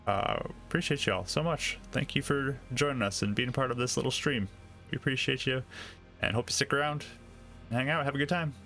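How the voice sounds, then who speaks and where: A man, narrating a tabletop game as game master in a steady, friendly way. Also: mid-range voice, fairly quick, faint music behind. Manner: steady, friendly, thanks the audience.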